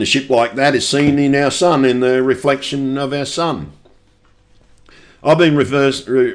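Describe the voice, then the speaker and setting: A middle-aged man delivering a rambling, profane, insistent monologue for his video channel. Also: fairly low pitch. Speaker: conspiracy video maker.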